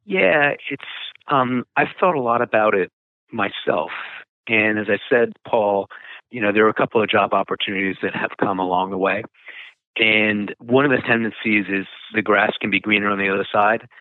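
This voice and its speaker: A man's voice: lowish voice, moderate pace, no echo. Man telling stories over a tinny phone line. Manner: rambling with frequent fillers and restarts. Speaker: nonprofit founder, interview guest. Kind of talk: conversational storytelling.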